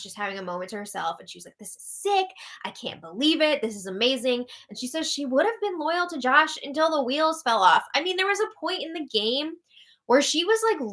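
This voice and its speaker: Woman, young, bright and slightly high voice, chatty host, tired, laughs often. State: tired, yawning. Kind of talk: casual live update chat.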